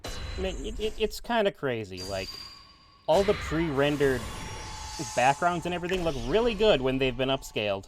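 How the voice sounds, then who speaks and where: A man's voice: fairly high pitch, very animated, moderate pace. A man casually commentating as he streams a video game, chatty and joking, reading game text aloud. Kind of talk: casual let's play commentary. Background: game music.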